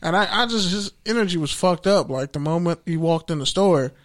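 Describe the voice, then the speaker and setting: A man's voice: sits high, brisk. A young man telling a story in a casual, profane way, acting out what people said. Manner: profane, animated storytelling with acted-out quotes. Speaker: podcast host.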